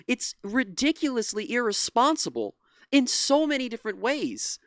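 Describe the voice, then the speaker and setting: An indignant young commentator reacts to a clip. The voice is smooth and clear, recorded close and dry. Frustration spills into restarts and the odd curse. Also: medium pitch, very animated, normal speed, fairly bright tone, no echo. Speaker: political commentary YouTuber.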